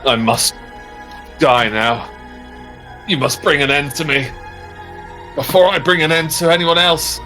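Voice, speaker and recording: A man's voice: on the high side, a little slow, pauses often, bright, forceful tone, faint music behind, voice pushed up. A man playing a doomed older hero, resolute. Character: corrupted older male hero choosing death, resolute.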